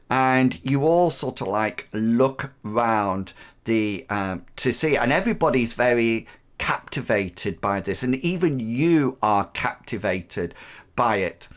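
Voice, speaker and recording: A man running an online tabletop game as game master, narrating in a halting way with many pauses. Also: medium pitch, expressive, a bit bright. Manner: halting, with frequent pauses and fillers.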